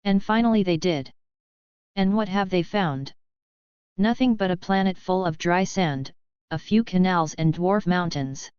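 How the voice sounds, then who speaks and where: A woman's voice: on the low side, a little slow, clear, resonant tone, no room sound, muffled recording, close to an everyday voice. A woman reading the lines of an earnest young male space cadet in an audiobook, speaking urgently. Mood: thoughtful.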